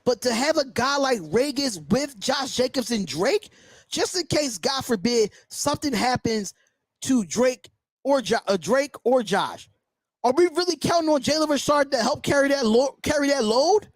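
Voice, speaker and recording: A high-pitched man hosting a live sports call-in show, worked up and indignant, hammering the same points again and again. The sound is dry and close, with no room around it. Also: expressive, moderate pace, no room sound. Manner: indignant, emphatic, repeats himself. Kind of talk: sports talk livestream rant.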